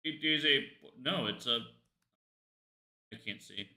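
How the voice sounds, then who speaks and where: Male streamer, loose jokey game chatter, very bright tone, roomy echo. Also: mid-range voice, takes it slowly, vocal fry. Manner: rambling, jokey, talks to himself. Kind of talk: casual livestream chat while gaming.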